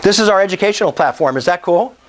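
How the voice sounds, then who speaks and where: Excitable high-voiced salesman presenting. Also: fast talker, rough recording. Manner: excitable, salesy, asks the room for approval. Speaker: meetup presenter. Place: meetup room.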